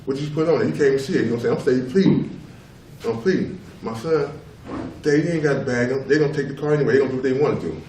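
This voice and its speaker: Speaking very fast in a medium-pitched, slightly mellow voice, this middle-aged man testifies as a father before a public tribunal. He presses every point with emphasis and repetition and keeps tossing in "you know what I'm saying." Faint noise and a far-off mic capture the echo of the hearing room.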